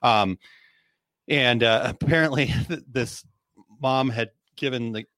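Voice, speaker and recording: A man's voice: mid-range voice, slow pace, fairly bright tone, no echo, studio quality. A man hosting a casual trade talk show, reading out listener comments and chatting loosely with plenty of fillers and restarts. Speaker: podcast host.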